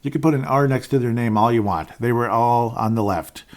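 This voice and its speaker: A man's voice: medium pitch, a little fast. A man in his fifties hosting a political podcast, talking in a rambling, opinionated monologue and chuckling between points. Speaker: podcast host.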